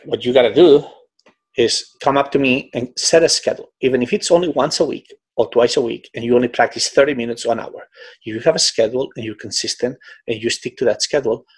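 Gravelly, husky middle-aged man coach. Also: medium pitch. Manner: animated, frequent "you know", breaks into quoted voices. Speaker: swim coach. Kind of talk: conversational interview storytelling.

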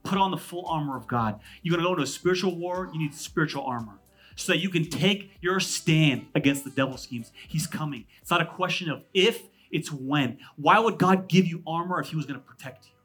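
A man in his thirties, a pastor from California, preaching a sermon. He jumps between loud, emphatic lines and hushed asides, with quick, conversational humor. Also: on the high side, breathy edge.

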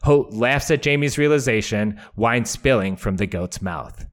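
A man's voice: medium pitch, expressive, measured pace, hardly any pauses. A man hosting a podcast, recapping a book chapter with wry, profane asides and dramatic readings. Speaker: podcast host.

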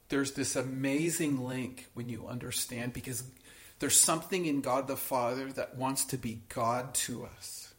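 A man's voice: mid-range voice, roomy sound. A man teaching a Bible study to a small group, speaking earnestly and with emphasis, often restarting phrases and checking that his listeners follow.

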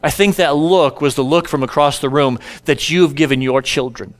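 A man's voice: on the high side, normal speed, faint music behind. A man preaching a sermon who tells scripture stories and acts them out in casual modern speech. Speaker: pastor.

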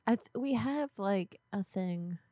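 A young woman co-hosts a prank call show and teases her partner bluntly. Her pitch sits in a middle range and sounds dry and close. She speaks in an offhand, casual way. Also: animated, measured pace, warm tone, no echo. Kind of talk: casual livestream chat.

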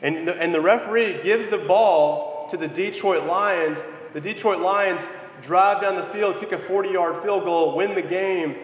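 A man's voice: high-pitched, a little slow. Man preaching in an echoey hall. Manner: storytelling with lively acted quotes. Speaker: pastor. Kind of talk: sermon.

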